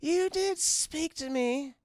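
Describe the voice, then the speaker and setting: A man's voice: very high-pitched, slow, dry recording, pitched above the performer's own voice. A man doing a cackling clown villain. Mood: taunting. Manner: sing-song, taunting, with wild laughs.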